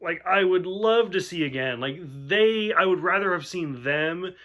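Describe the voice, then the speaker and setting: A young man in a casual review chat, cursing freely and breaking into quoted lines. His voice sits high and swings around a lot. The tone is bright and forceful. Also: animated, measured pace. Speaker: podcast co-host.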